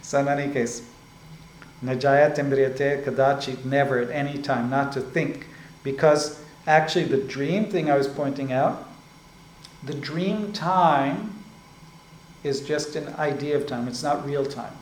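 A man giving a spiritual discourse as a teacher. He explains slowly and often checks in with "right?" and "like this". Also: fairly high pitch. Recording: echoey room with faint ambient noise.

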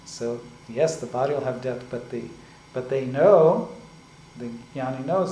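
A man giving a spiritual discourse as a teacher. He explains slowly and often checks in with "right?" and "like this". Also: mid-range voice, mellow. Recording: echoey room with faint ambient noise.

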